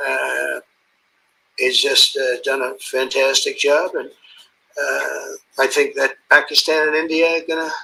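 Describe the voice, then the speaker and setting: A man's voice: fairly high pitch, creaky, pushed and bright, a little hiss or hum, poor audio. A man giving an off-the-cuff ceremonial speech as head of state, rambling, ad-libbing and heaping praise on the leaders he calls out. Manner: rambling, ad-libbing, calling out guests by name; boastful, praising superlatives.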